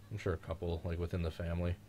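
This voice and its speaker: A man's voice: low-pitched, mellow, a little hiss or hum. A man hosting a live race reaction with friends, congested and sick, his voice cracking, chatty and teasing as he rambles through old races. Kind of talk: casual live commentary with friends.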